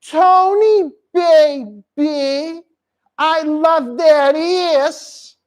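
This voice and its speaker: A man putting on a slow sultry flirt of a woman. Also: very high voice, voice pushed up, full character voice.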